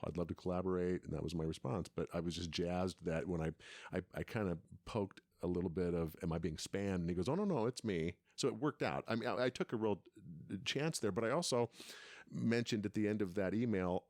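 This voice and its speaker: A man's voice: sits low, a little mellow, no echo, clean studio sound. A middle-aged man telling a long story in casual chat, rambling and restarting his sentences often. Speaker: podcast co-host, father.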